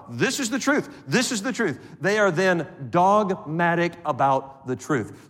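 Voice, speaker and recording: A man preaching a sermon as pastor in a church, with an animated delivery, acting out the voices of the people in his stories. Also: high-pitched. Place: church sanctuary. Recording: long hall reverb.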